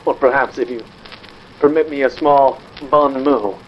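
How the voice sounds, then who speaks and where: A man's voice: medium pitch, steady tone, measured pace, dull audio, a little hiss or hum. An actor playing a pompous, condescending father whose voice plays back from an old vinyl record, speaking in grand theatrical phrases. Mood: imperious. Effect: old vinyl record playback.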